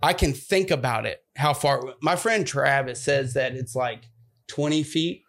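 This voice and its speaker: A young man telling a story in casual chat, acting out other people's voices with big jumps in pitch. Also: measured pace, gravelly, fairly bright tone.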